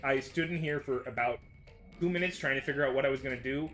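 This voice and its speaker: A man's voice: mid-range voice, quick pace, a bit bright. A young man with an ordinary mid-range voice, trading playful, boastful banter while co-playing a game. Faint game music runs behind him. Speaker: co-player. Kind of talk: casual gameplay chat.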